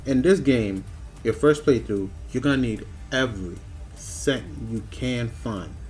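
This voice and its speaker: A man reviewing a video game in a scripted voice-over, breaking into animated, mock-outraged rants with repeated questions. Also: medium pitch, a little slow, soft background music.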